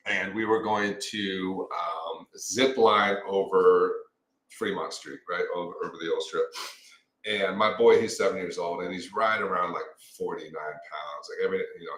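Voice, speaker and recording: A man in his thirties, a co-host of a casual chat show, telling stories in a lively way. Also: sits low. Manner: lively storyteller, speeds up and slows down. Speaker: podcast co-host. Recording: roomy echo.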